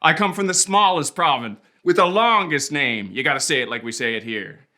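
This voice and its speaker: A man's voice: a little high, normal speed, pushed and bright. A man with a Prince Edward Island accent, delivering a playful, rhythmic comic spoken-word monologue. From Prince Edward Island, Canada.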